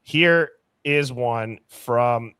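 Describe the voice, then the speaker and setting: A man's voice: medium pitch, extremely slow, bright, forceful tone, smooth, no room sound, clean studio sound. A man hosting a live stream, chatting casually and thinking aloud as he reads comments. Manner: easygoing, thinks aloud while reading chat. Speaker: host.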